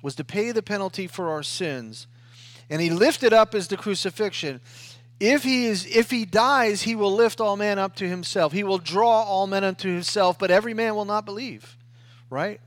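A man preaching a sermon in an emphatic style, swinging between loud rising lines and quiet drops, often tagging "right?". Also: high-pitched, moderate pace, dry recording. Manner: emphatic, rising and falling preaching with tag questions.

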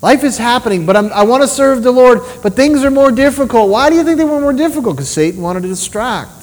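A man preaching a sermon with personal testimony, telling stories in an animated way and asking rhetorical questions. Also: very high voice, quick pace. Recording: long reverb of a large hall.

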